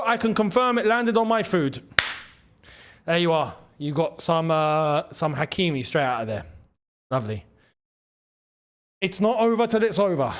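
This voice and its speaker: A man hosting a live football watchalong, excitable and quick to shout and laugh. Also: on the high side. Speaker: football channel host.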